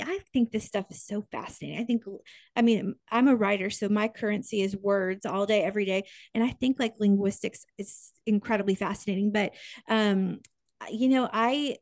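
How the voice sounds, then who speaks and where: A woman co-hosting a podcast in casual chat, enthusiastic and quick to restart her sentences. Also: mid-range voice, dry recording. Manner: chatty, enthusiastic, self-interrupting. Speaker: podcast co-host.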